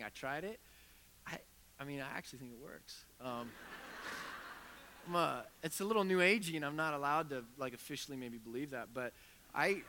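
A male pastor delivers a conversational sermon, retelling a conversation with lively back-and-forth. His voice sits a little high and sounds bright and forward. A long reverb trails behind him, as in a church sanctuary. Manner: conversational storytelling preacher, animated retelling of dialogue. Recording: reverberant hall.

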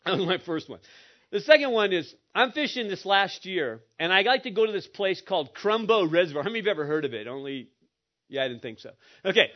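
A man's voice: high voice, animated, fairly quick. Casual: pastor guy cracking stories in his sermon, kinda muffled lo-fi sound. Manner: humorous storytelling. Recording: muffled lo-fi recording.

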